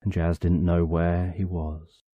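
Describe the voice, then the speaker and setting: A man narrating a bedtime story for sleep, calm and drawn out, in short phrases with long pauses. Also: sits low, slightly rough, no echo, muffled recording.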